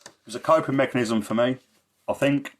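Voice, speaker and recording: Give me a man with an average-pitched voice on a casual livestream, blunt and emphatic and swearing heavily. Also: fairly quick. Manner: rambling, repeats himself. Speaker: livestreamer and social care campaigner.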